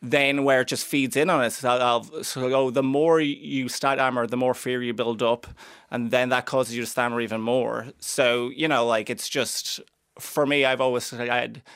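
A man's voice: mid-range voice, fairly even intonation, moderate pace, creaky, a bit bright, clear, resonant tone, no echo. A young Irish man from Cavan with a stammer, talking in a radio interview with dry, self-mocking humour. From Ireland (Cavan). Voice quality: stammer with repeated sounds. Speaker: stand-up comedian, guest.

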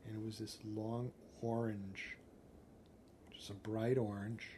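A man's voice: on the low side, level tone, takes it slowly, dark tone, a little hiss or hum. Sex: man. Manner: plain, direct storytelling. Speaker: eyewitness. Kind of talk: interview recollection.

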